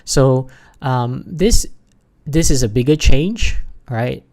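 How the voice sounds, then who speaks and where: A man teaching an English exam lesson over slides, halting often with fillers and restarts, and leaning hard on key words. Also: mid-range voice, warm tone. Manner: stresses key words by raising his voice.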